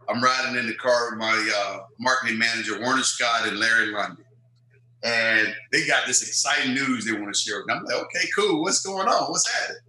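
Animated storytelling man, bright echoey voice. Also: on the high side, a little hiss or hum. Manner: animated storyteller, acts out quotes. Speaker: guest, former football player. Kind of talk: storytelling interview.

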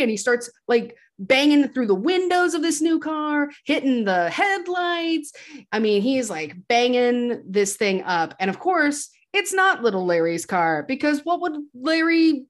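A woman co-hosting a podcast, retelling a movie in an animated, jokey way. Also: sits high, measured pace. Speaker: podcast co-host. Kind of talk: casual movie recap chat.

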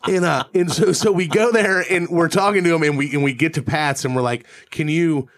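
A man's voice: a little high, brisk, fairly bright tone. A man co-hosting a casual podcast, telling a rowdy story with swearing and acted-out quotes. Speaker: podcast co-host.

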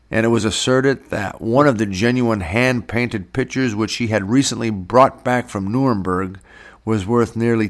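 A man narrating a novel in a measured, unhurried storytelling manner. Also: fairly low pitch, creaky. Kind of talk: audiobook narration.

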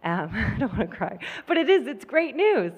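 A woman guest on a live podcast stage, sharing news about her son, emotional and halting with many ums. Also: fairly high pitch, big pitch swings, husky, lo-fi sound. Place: conference stage with audience. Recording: long hall reverb.

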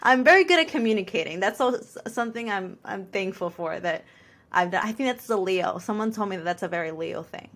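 Young woman chatting on a podcast, candid and expressive, mid-pitch voice. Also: brisk. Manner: candid and expressive, acting out her own reactions. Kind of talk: casual podcast chat.

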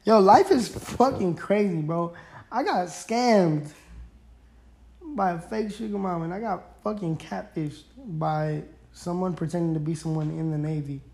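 A man's voice: high voice, a little slow, gravelly, a little mellow. A young man hosting his own podcast, chatting casually and rambling in laid-back slang. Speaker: podcast host. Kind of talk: casual solo podcast chat.

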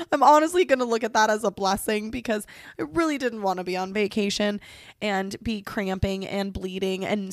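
A young woman podcast host, sick and congested, vents alone in her bedroom in a mid-range voice. The sound is clean studio quality with no echo, and her monologue is casual, profane, rambling, and self-mocking.

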